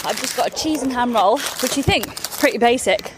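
Her voice a little high, animated and fairly quick, a 40-something travel vlogger chats casually to camera as she strolls city streets. She's blunt and swears plenty. The phone audio picks up traffic noise from the street.

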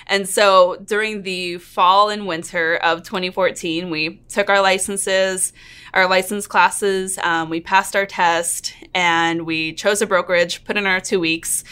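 A woman in her thirties hosting her own real estate coaching channel, talking earnestly and openly to camera, quick to get emotional. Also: lowish voice, bright, forceful tone, clean tone. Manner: earnest, open and emotional, laughs and nearly cries. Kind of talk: intro narration then casual one-on-one chat to camera.

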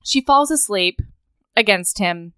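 Woman co-host, smooth clear voice, dry close sound, lively recap chat. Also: mid-range voice, takes it slowly, no echo. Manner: animated retelling, acts out lines. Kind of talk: casual book recap chat.

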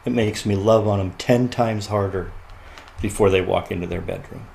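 A man's voice: on the low side, steady tone, normal speed, creaky, darkish tone, slight background noise. A man who is a podcast guest, telling personal stories in an earnest, reflective way and often laughing. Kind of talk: heartfelt podcast conversation.

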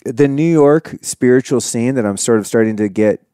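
A man's voice: medium pitch, moderate pace, warm tone, smooth, no room sound. Man, podcast host, casual rambling chat, resonant voice, dry room. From California. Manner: rambling, upbeat, many fillers. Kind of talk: casual conversation.

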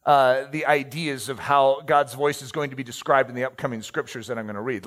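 A middle-aged man preaching a sermon and reading scripture aloud, slowing down to stress key words, with joking asides to the congregation. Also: medium pitch, fairly even intonation, fairly bright tone. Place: church stage, handheld mic.

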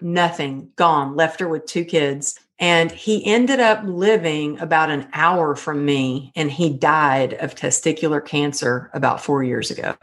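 A middle-aged woman guest telling her own story in a candid, emotional way, full of fillers. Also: low-pitched. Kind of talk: personal storytelling interview.

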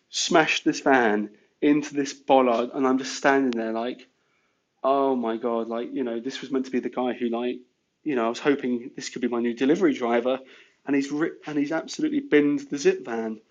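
A guest business owner tells stories about his work in a casual, rambling, chatty way, dropping "you know" constantly. His voice is medium-pitched and steady at a moderate pace, and the recording is muffled.

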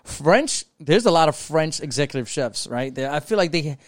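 A man's voice: fairly high pitch, animated, moderate pace, no echo, clean studio sound. A man co-hosting a podcast, chatting casually in a rambling way, swearing freely and trailing off mid-thought. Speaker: podcast co-host.

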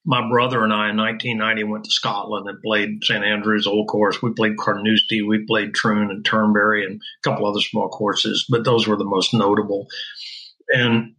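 Man, middle-aged, bright and forceful tone, emphatic, self-assured, interview storytelling. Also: lowish voice, little pitch movement, moderate pace, rough recording. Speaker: golf wedge designer. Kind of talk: interview conversation.

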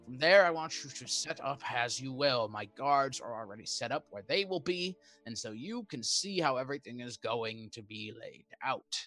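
A man's voice: mid-range voice, animated, normal speed, hardly any pauses, bright, forceful tone, faint music behind. A man running a tabletop game as game master, narrating casually with jokes and asides.

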